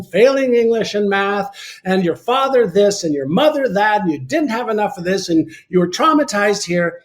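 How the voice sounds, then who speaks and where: A man's voice: sits high, voice pushed up. A man voicing an earnest older male mentor who lectures with emphasis.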